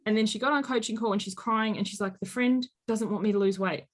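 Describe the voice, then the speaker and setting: A woman in her late thirties, a life coach telling stories in an interview and acting out quoted speech with lively energy. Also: mid-range voice, fast talker. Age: late 30s. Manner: animated storyteller, acts out quotes. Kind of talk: conversational interview.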